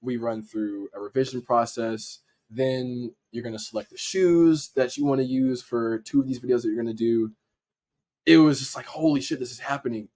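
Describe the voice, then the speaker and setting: A man's voice: mid-range voice, a little mellow. A young man, a podcast guest, telling a story casually and acting out what people said, with some swearing. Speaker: podcast guest, dancer and editor.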